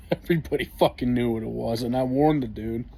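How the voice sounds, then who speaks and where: A man's voice: mid-range voice, a little fast, vocal fry, dark tone. A man telling a story in a casual vlog, profane, wry and laid-back, as an army veteran.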